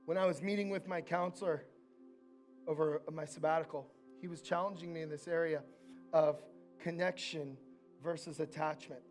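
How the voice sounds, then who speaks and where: A man preaching a sermon in a church, earnest and personal, dropping from loud lines to quiet, intimate asides. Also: a little high, steady tone, normal speed, faint music behind. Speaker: pastor.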